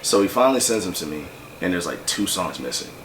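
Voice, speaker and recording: A man with a very low voice tells a long, loose story packed with fillers and swearing. He is heard from a distance off the mic, and a faint room hum sits behind him. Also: sing-song, fairly bright tone. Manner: loose, profane, fast-moving anecdote with many fillers. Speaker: rapper telling a story. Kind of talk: casual storytelling.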